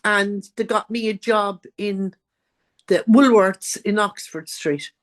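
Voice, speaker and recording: A woman's voice: medium pitch, takes it slowly. An Irish woman, a guest author, telling her own life story in an interview and acting out what others said. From Ireland.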